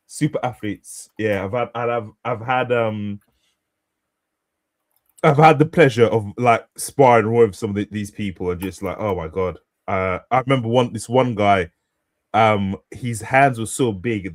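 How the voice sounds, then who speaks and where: A man's voice: fairly low pitch, measured pace. A man co-hosting a casual podcast, rambling through his thoughts. He hesitates and restarts his sentences often, speaking into a studio podcast mic. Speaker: podcast co-host. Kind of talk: casual chat.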